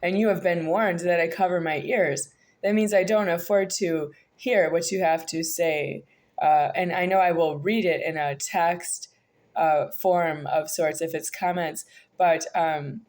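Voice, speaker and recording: An American woman talking to her viewers in a rambling, halting monologue full of hesitations. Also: low voice, a little mellow. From United States. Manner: halting, disjointed, many hesitations. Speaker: vlogger.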